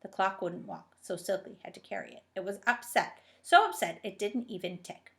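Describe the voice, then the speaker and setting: Brief: woman, mid-pitched, steady gentle storybook reading. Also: moderate pace, gravelly. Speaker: reader. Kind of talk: reading a children's storybook aloud.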